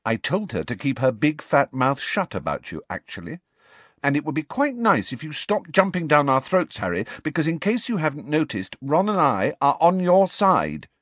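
Man doing a bossy, principled teen girl in an audiobook, higher and lively, lecturing. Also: dry recording. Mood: earnest. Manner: earnest, lecturing, slow emphatic delivery. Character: clever, earnest teenage girl, bossy and principled.

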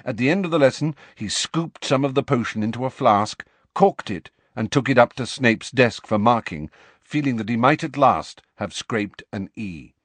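A man reading a novel aloud as an expressive audiobook narrator. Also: moderate pace, no echo. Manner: expressive storytelling with wide pitch swings. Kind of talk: scripted narration.

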